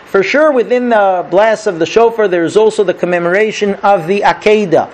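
A man's voice: high-pitched, fairly quick. A man, a rabbi, teaching a conversational lesson who keeps checking in with his listeners and acts out his stories. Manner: chatty, checks in with listeners by asking 'okay?' and 'right?'; tells stories and acts out the characters.

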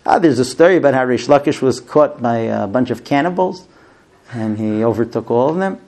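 A man teaching a Torah lesson, telling the story with lively, dramatic delivery. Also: mid-range voice, fairly quick. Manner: animated, dramatic storytelling with fillers.

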